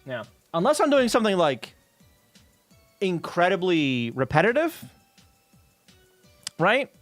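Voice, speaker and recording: A man's voice: sits high, big pitch swings, takes it slowly, no room sound, faint music behind. Rambling man chatting on a coding stream. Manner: rambling, many fillers, swears casually, reads chat aloud. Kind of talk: casual live-stream chat while coding.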